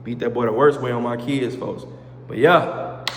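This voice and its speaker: A man's voice: mid-range voice, moderate pace, a little hiss or hum. A man telling a casual storytime, full of street slang and repeated oaths, acting out the heated parts. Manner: animated, acts out heated quotes. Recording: echoey room with long reverb.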